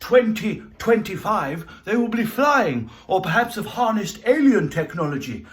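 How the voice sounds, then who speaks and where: A man voicing a pompous Victorian gentleman time traveller, full of grand wonder. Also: high-pitched, sing-song, measured pace.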